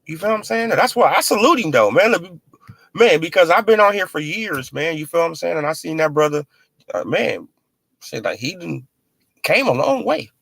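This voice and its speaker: A man giving casual, animated boxing commentary in heavy slang, mocking and joking as he goes. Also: on the high side, normal speed, gravelly, no echo. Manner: animated, mocking, heavy on "you feel what I'm saying".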